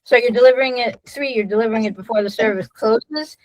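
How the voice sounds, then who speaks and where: Middle-aged midwife lady talking shop with other midwives, lots of ums and restarts, kinda high voice, dead dry sound. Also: fast talker, no room sound, rough recording. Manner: conversational, many restarts and fillers, gestures while explaining. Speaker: nurse-midwife. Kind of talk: explaining a birth protocol to midwives.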